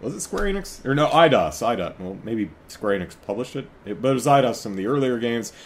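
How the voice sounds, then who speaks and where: A man's voice: mid-range voice, lively intonation, fast. A man hosting a casual live podcast chat, rambling, laughing often and correcting himself as he goes. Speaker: podcast host.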